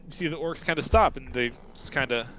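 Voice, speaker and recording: A man's voice: mid-range voice, brisk, sharp tone, a little hiss or hum, poor audio. A man narrating as game master in a tabletop game, in a loose, casual way.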